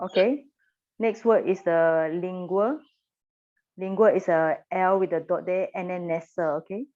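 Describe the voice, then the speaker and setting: A woman's voice: lowish voice, steady tone, a little slow, a little mellow, muffled recording. A woman teacher, leading a classroom pronunciation lesson and patiently repeating sounds for her class to echo.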